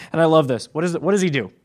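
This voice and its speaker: A man's voice: fairly high pitch, expressive, fast. Emphatic male pastor preaching. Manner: emphatic, repeats key points. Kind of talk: sermon.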